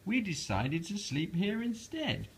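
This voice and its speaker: A man voicing an excitable young boy frog in a storybook read-aloud, eager and bouncy. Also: a little slow, breathy edge, full character voice. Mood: sheepish. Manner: eager, bouncy, high and loud.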